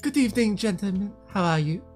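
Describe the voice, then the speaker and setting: A woman's voice: medium pitch, expressive, fast talker, a little mellow, soft background music, voice pushed up, lightly acted. A woman playing an overly polite, scheming lady sweet-talking guards in a tabletop game. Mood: sugary.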